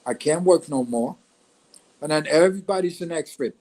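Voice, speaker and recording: A middle-aged man as a guest, telling a story in a blunt, animated way with swearing. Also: a little high, moderate pace, poor audio. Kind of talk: casual storytelling.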